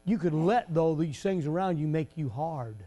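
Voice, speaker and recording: A man's voice: a little high, normal speed. A man preaching a fervent, folksy revival sermon in a church. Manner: fervent, folksy, rising to shouts.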